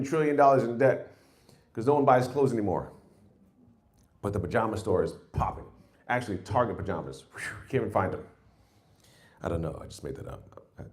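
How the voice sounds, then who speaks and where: Lively, rambling New comic, forties. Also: male voice, mid-range voice. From New York. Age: 40s. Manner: rambling and self-mocking, with loud jumps into put-on exclamations. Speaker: stand-up comedian. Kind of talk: stand-up set.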